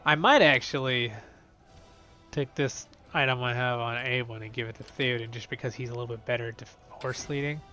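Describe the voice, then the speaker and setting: A young man hosting a casual gameplay video, chatty and excitable, swinging between loud bursts and quiet asides. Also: mid-range voice, brisk, faint music behind. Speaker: game video host.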